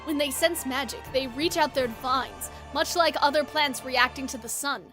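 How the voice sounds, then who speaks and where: Woman playing a calm scholarly male sorcerer, quiet, measured, lowered voice, light music. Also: natural voice. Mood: calm explaining. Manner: measured, explanatory, composed.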